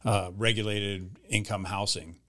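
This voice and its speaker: A man's voice: fairly low pitch, fairly even intonation, a little slow, bright, forceful tone. A man co-hosting a podcast, casually chiming in with short agreeing remarks and brief asides. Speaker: podcast co-host. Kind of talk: casual chat.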